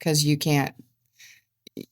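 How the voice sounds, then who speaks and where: A podcast co-host with a very low voice reads true-crime case notes aloud, slowly and with little pitch movement. Her tone stays factual, though she occasionally stumbles and restarts words.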